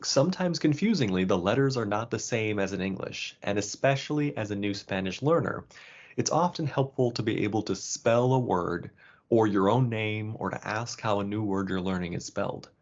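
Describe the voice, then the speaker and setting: A man explaining pronunciation as a course instructor, in a relaxed, casual way. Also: lowish voice, moderate pace. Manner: casual, with fillers and restarts. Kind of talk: explanatory lesson narration. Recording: dull lo-fi sound.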